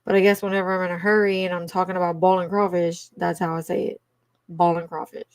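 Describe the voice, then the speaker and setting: In a dry recording, a woman speaks fast with a flat delivery and a fairly low pitch. She has a Cajun accent and is hosting a livestream, chatting casually with viewers, laughing often and calling them y'all.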